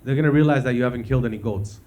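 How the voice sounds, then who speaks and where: A man doing stand-up comedy while high, laid-back, swearing and laughing at his own jokes. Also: rapid-fire, darkish tone. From Canada. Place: live comedy stage. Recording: live venue with audience noise.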